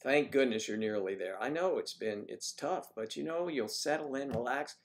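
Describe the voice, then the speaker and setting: A man's voice: medium pitch, lively intonation, moderate pace. A man hosting a casual morning livestream, chatting playfully and reading out viewer comments. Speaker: livestream host.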